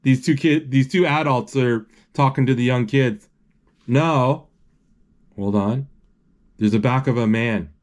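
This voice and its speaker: A man's voice: mid-range voice, darkish tone. A man describing a film as he watches it, often stopping to hunt for words and restarting his sentences. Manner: halting, searching for words; frequent restarts and fillers. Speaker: movie describer. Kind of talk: live play-by-play of a film.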